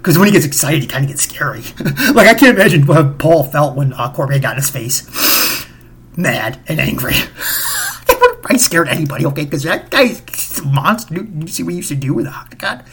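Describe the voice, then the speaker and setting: A man with a husky voice hosts a casual solo podcast, rambling and repeating himself as he talks. His pitch swings widely as he gets worked up, and his delivery stays loose and excitable. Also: brisk. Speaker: podcast host.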